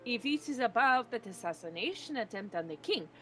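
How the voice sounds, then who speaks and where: A woman voicing a vain, touchy male photographer from a game with a put-on Italian accent and a lively, indignant delivery. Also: fairly high pitch, brisk, music in the background, lightly acted. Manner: indignant and boastful. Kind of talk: reading a game aloud on stream.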